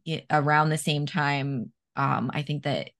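A woman's voice: sits low, fairly even intonation, unhurried, a bit bright. A woman hosting a podcast, talking candidly and emphatically in casual conversation and swearing freely. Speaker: podcast host.

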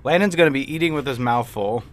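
A man's voice: medium pitch, lively intonation, fast. A man co-hosting a casual lunchtime podcast in an office, teasing his co-host and telling jokey stories. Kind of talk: casual chat while eating lunch.

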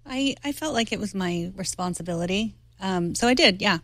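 A woman appearing as a guest on a tech show, quick and conversational, asking short follow-up questions. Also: medium pitch, expressive, fairly bright tone, dry recording. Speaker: guest co-host. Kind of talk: casual tech show chat.

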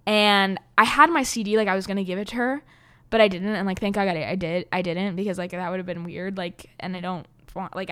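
Rambling young woman telling a story. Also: medium pitch. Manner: rambling, excitable, many "like" fillers, swears. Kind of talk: casual storytelling.

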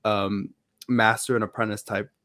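In studio quality with no echo, a fairly low-pitched male voice speaks at normal speed with a level tone and a fairly bright timbre. The speaker co-hosts a podcast, chatting casually with fans and rambling amid frequent fillers and restarts.

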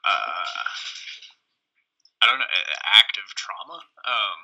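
Male co-host with a low, sharp, bright voice, musing his way through ideas. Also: very animated, takes it slowly, gravelly, low-quality recording. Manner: reflective, thinking aloud with hesitations. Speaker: podcast co-host. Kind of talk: casual film discussion.

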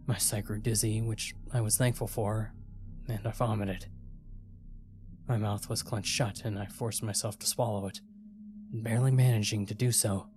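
A man's voice: lowish voice, steady tone, normal speed, over music. A man narrating a first-person horror story in a tense, dramatic way.

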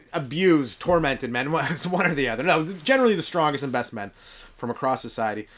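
A man hosting a comedy podcast, riffing in a rambling monologue and chuckling at his own jokes, in a cold room kept warm by a wood fire. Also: a little high.

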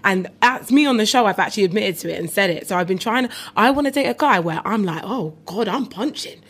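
A young woman with a London accent, a comedian chatting as an interview guest, animated and quick to laugh. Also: mid-range voice, husky. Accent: London English. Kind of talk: casual interview chat.

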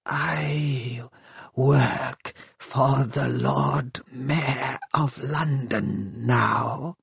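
A man voicing a hissing, menacing seven-foot undead cyborg stalker in an audiobook, speaking slowly. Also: mid-range voice, fairly even intonation, creaky, slightly rough, no room sound, full character voice. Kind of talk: audiobook character voice.

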